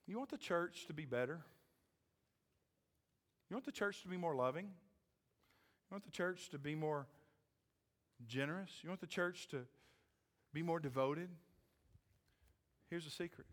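A middle-aged man preaching a sermon as pastor, swinging from loud rising questions to hushed lines and checking in with "okay?" and "amen?". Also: fairly high pitch, unhurried, long pauses, long reverb tail. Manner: repeats "okay?" and "amen?" to the congregation.

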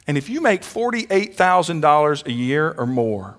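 Male pastor, sermon in church, high voice, asks the crowd for amens. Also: sing-song, fairly bright tone. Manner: calls out for amens, slows down for emphasis.

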